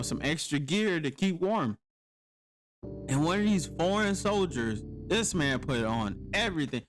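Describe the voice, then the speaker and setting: A man, telling a profane war-story anecdote in casual podcast chat, acting out his own past lines. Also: fairly high pitch. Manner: profane, animated storytelling with quoted exclamations. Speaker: podcast host, army veteran.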